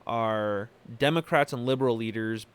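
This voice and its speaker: A man hosting a podcast from California, giving opinionated solo commentary in a halting way, full of fillers and restarts. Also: medium pitch, clear, resonant tone. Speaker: podcast host.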